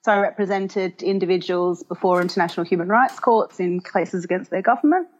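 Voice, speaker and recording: A woman's voice: fairly low pitch, fairly quick, muffled recording. A woman from Australia, a human rights lawyer, answering interview questions in a thoughtful, searching way. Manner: thoughtful, hesitant with fillers.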